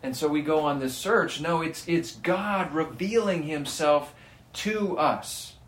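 Slow, emphatic male preacher in echoey room. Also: a little high, lively intonation. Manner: earnest, slow and emphatic, reads scripture aloud. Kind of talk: sermon.

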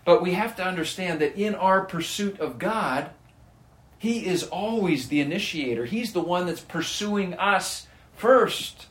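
Male preacher, earnest and emphatic, unhurried delivery, reverberant room. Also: high voice, animated, a bit bright. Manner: earnest, slow and emphatic, reads scripture aloud. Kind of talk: sermon. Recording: echoey room.

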